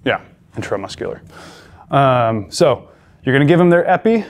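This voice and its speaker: A man's voice: medium pitch, sing-song, normal speed. A male paramedic instructor giving a classroom lecture, talking conversationally and repeating the key points with emphasis.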